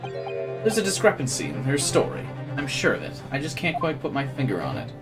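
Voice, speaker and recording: A man's voice: a little high, huge pitch swings, brisk. A man voicing an earnest young male lawyer who talks in a thoughtful, plain way, over game music.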